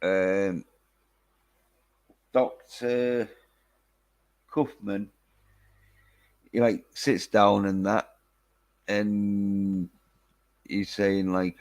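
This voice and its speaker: A man's voice: lowish voice, little pitch movement, extremely slow, pauses often, a little mellow. A man casually chatting through a film review, rambling with lots of fillers and casual swearing. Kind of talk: casual chat.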